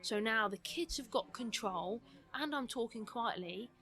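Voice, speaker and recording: A woman with a mixed British accent and a London twang, a slight lisp and a quick, animated way of talking, speaking as a guest coach mentor in a podcast conversation. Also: fairly high pitch, faint music behind.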